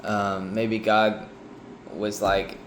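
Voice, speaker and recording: A man reading a Bible chapter aloud and pausing to reflect on it, hesitant and sleepy, with frequent ums and restarts. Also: lowish voice, flat delivery, a little hiss or hum. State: sleepy, yawning. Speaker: Bible reader sharing reflections.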